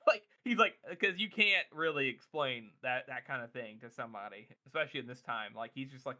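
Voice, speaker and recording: Podcast co-host, male, bright tone, earnest and loose, fond of fillers. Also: medium pitch, animated, normal speed. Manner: earnest, rambling, with many "like" fillers. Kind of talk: casual book discussion.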